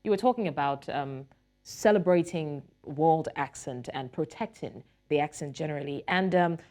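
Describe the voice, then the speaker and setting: A woman's voice: sits low, moderate pace, a little mellow. A woman hosting a TV talk show, putting formal questions to a guest with hesitant ums. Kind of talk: interview questions.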